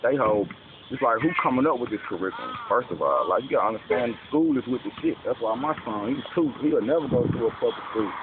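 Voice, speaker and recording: A man with a mid-range voice explains a belief in a casual, preachy monologue full of street slang, repeating "you know what I'm saying." The recording is tinny and lo-fi with loud background noise.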